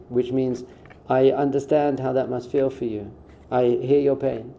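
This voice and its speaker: A man's voice: medium pitch, flat delivery, measured pace, gravelly, hardly any pauses. A man who is a rabbi, giving a conversational spiritual talk in an informal way and acting out short quoted exchanges. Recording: dull, muffled sound.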